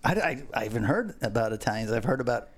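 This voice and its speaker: A man's voice: mid-range voice, lively intonation, fast. A man co-hosting a casual talk show, rambling and swearing as he tells stories. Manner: rambling, swearing, repeats words. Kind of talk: casual profane banter.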